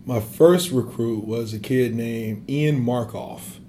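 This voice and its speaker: A warm, mellow-voiced man, once an assistant basketball coach, talks through his memories in a reflective interview. He fills pauses with lots of "you know" and "um" and keeps an earnest, open tone. A faint room ambience sits under his voice. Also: medium pitch, slight background noise. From Wisconsin. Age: 30s. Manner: earnest, many fillers.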